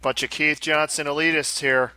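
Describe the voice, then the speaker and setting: Bright-voiced joking podcast co-host man. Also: fairly high pitch, flat delivery, normal speed, clear, resonant tone, dry recording. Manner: joking, self-deprecating banter. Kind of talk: casual pinball podcast chat.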